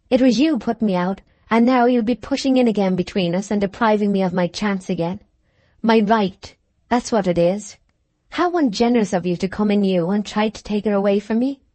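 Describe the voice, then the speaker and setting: A man's voice: sits high, normal speed, darkish tone, no room sound, close to an everyday voice. A woman narrator voicing an earnest, bitter young man who argues passionately with an older rival over the woman he loves.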